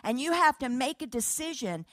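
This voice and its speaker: A woman preacher tells a testimony in an animated storytelling sermon, acting out each exchange and laughing between lines. Her voice sits a little high. The sound is dry and close. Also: moderate pace, no echo. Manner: animated, laughing, quoting dialogue.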